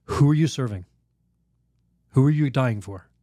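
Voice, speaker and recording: A priest telling a lively story in a podcast interview, laughing often, acting out other people's voices, with halting restarts. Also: male voice, medium pitch, no room sound, studio quality. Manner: animated, laughs often, acts out quoted voices. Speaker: priest guest.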